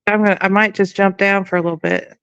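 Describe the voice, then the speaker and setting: A woman, the host's friend, chatting casually in short, quiet replies, heard a little distant. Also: medium pitch, fairly even intonation, fast talker, clear, resonant tone, no room sound, lo-fi sound. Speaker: friend of the host. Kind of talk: casual chat.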